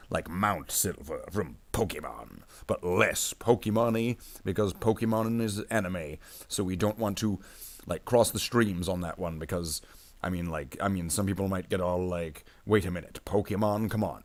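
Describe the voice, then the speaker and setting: A man's voice: low-pitched, lively intonation, measured pace. Man rambling jokily as a livestream host. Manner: rambling and jokey, calls viewers "brother Marines". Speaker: livestreamer painting miniatures. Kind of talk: casual livestream chat in a space marine persona.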